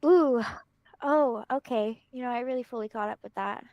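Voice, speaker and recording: High voiced woman gamer laughing and cursing, dry close mic. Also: moderate pace, no echo, dull audio. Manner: laughing, swears freely. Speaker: player. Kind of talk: tabletop game role-play chat.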